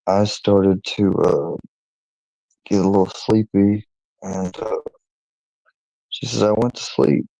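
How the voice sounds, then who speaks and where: A man casually telling a personal story to his channel, in a meandering, halting way with many restarts. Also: sits low, steady tone, creaky, dark tone, dry recording, poor audio. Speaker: channel owner.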